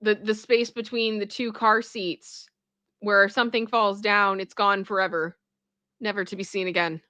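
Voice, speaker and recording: A woman hosting casual reaction commentary, chatty and expressive and quick to laugh. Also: medium pitch, dry recording. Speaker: pop culture reaction host.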